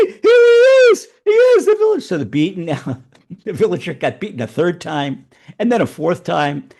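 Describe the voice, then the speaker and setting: A man telling a religious fable and drawing its lesson, animated and prone to repeating words. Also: on the high side, vocal fry. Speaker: rabbi storyteller.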